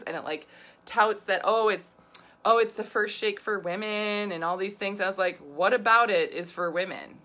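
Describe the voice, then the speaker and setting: A woman's voice: medium pitch, very animated, a little slow, a bit bright. A woman nutrition coach talking casually and animatedly, exasperated, with frequent laughs and asides. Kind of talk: casual talk to camera.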